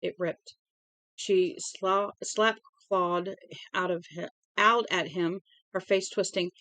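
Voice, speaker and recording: Lady reading a book out loud at home, bright sharp voice, trips on words and fixes them, dry sound. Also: on the low side, fairly even intonation, takes it slowly, no echo. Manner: casual, stumbles and corrects herself while reading. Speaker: storybook reader. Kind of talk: reading a novel aloud.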